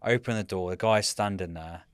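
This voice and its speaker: A man in his thirties, a military veteran guest, telling rambling, animated stories in casual chat and often saying "mate". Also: sits low, normal speed, no echo, studio quality. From United Kingdom.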